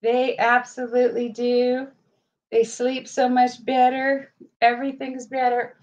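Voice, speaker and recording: A woman's voice: on the high side, flat delivery, measured pace, a little mellow. A woman vlogging from home, talking casually to her viewers and her dogs, teary-eyed. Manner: chatty, tearful, talks to her dogs. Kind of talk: casual livestream chat.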